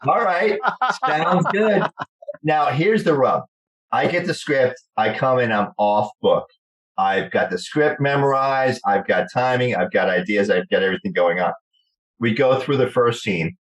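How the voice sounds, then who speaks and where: A middle-aged man with a New Jersey accent, telling lively stories in an interview and acting out the people in them. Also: lowish voice, moderate pace, rough recording. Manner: animated storyteller acting out quoted voices. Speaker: guest actor. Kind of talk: storytelling interview chat.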